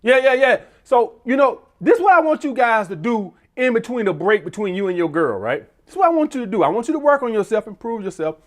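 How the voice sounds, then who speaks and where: Man, dating-advice vlogger, high lively voice, blunt and profane. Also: quick pace, few pauses. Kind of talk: casual profane monologue.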